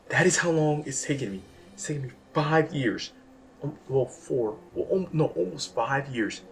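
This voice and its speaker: A young man talking in a casual, rambling monologue that is self-deprecating and jumps from quiet musing to loud outbursts. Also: medium pitch, gravelly, recorded from a distance, slight background noise. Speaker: vlogger. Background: background music.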